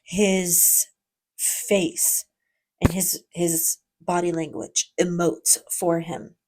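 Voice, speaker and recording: A woman's voice: on the low side, flat delivery, very slow, a little mellow. Chatty woman hosting a reaction video. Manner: chatty and enthusiastic, with frequent restarts. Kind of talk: casual reaction commentary.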